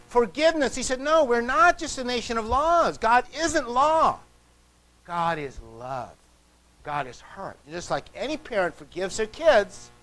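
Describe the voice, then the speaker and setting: A man preaching a sermon in a conversational way. He keeps checking in with the congregation and drops to a soft voice on key words. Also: low-quality recording. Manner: pitch and loudness swing widely, drops soft on key words. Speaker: pastor.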